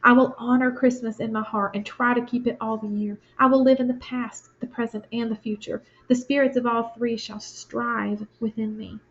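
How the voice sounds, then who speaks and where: A woman's voice: a little high, level tone, moderate pace, few pauses, close to an everyday voice. A woman reading the part of an old miserly man who begs a ghost for another chance, in a fervent, urgent voice. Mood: pleading. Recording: lo-fi, dull sound.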